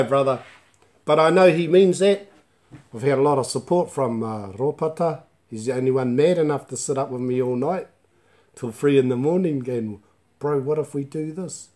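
A man's voice: mid-range voice, moderate pace. Easygoing New man teaching Māori. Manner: mixes Māori words into relaxed chatty English; laughs easily and jokes with viewers. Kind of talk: live online language class.

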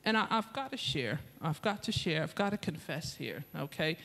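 In a church hall, a woman with an English accent preaches as a guest speaker, telling a confessional story from her own life and animatedly acting out the voices. Her low, creaky voice moves at normal speed and sounds like it's in a large hall.

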